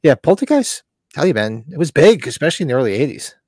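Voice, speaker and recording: A man's voice: fairly high pitch, quick pace, dry recording, clean studio sound. A middle-aged man hosting a live movie watch-along, chatting casually and acting out voices in his anecdotes. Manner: animated storytelling, acts out voices in anecdotes. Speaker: host. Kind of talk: casual chat.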